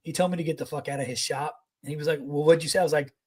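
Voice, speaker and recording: A man co-hosting a podcast, telling a service story in a lively, profane, laughing way. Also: fairly high pitch, racing. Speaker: podcast co-host. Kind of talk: casual chat, storytelling.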